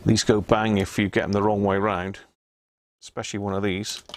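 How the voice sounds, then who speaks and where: Low gravelly man tinkering. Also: flat delivery, moderate pace. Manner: chatty, self-deprecating, muttering while working. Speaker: host of live radio repair stream. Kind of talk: casual live-stream chat while repairing.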